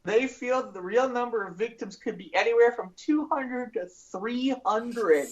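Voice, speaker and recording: A woman's voice: on the high side, slight background noise, rough recording. A woman hosting a comedy news podcast, reading a story and breaking into giggles.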